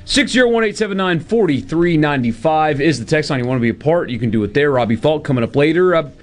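Lively male sports radio host. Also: a little high, fast. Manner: lively, plugs upcoming segments. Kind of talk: sports talk radio chat.

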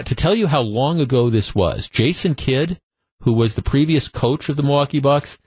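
A man's voice: mid-range voice, dry recording. A man hosting a talk radio show, telling a story in a conversational monologue full of restarts, on a studio microphone.

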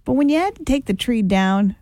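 A woman's voice: on the high side, brisk, dry recording. A woman co-hosting a morning radio show in a studio, chatting and telling stories with frequent laughs. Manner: chatty, laughs often, animated storytelling. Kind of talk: casual morning radio banter. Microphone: studio microphone.

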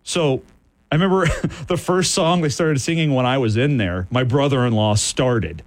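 A man's voice: mid-range voice, normal speed, no room sound. A man from the American Midwest hosting a casual sports radio talk show, telling stories and laughing often. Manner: animated storyteller, laughs often.

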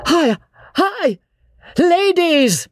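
A woman reading a novel aloud, voicing an older clergyman with high, excited calls. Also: extremely slow, dry recording, studio quality, exaggerated voice. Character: fussy older clergyman calling out.

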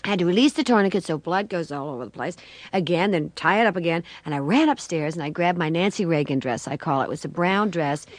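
An older woman, a guest, telling a long story with animated, acted-out voices and laughter. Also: lowish voice, quick pace, no room sound.

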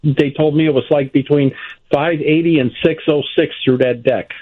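An older man, a former ballplayer, calls in to a radio show and tells animated stories, laughing often. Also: on the high side, moderate pace, breathy edge. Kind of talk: phone-in radio interview storytelling. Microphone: phone. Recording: tinny phone line.

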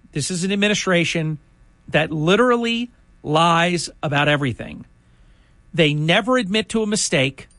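A man's voice: a little high, fairly bright tone, no echo. An older man hosting a political talk show, chatting in a rambling way that turns indignant. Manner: indignant, conversational, rambling asides. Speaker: radio talk host.

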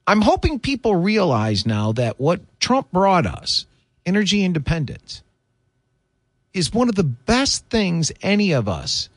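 A man hosts a political talk show, pressing his points with indignant emphasis. His voice sits a little high for a man and swings widely in pitch. The sound is dry and close, with no room echo. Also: wildly swooping pitch, a little slow. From United States. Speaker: political talk radio host. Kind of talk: opinionated political commentary.

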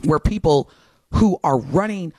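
A woman's voice: low-pitched, expressive, measured pace, mellow, dry recording, clean studio sound. A woman co-hosting a talk show, chatting animatedly with exclamations and laughter. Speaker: co-host. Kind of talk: casual commentary chat.

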